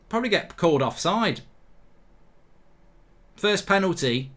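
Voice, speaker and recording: A man's voice: medium pitch, expressive, normal speed, a bit bright. A man hosting a live football watchalong, chatting casually, reading viewer comments aloud and often repeating himself.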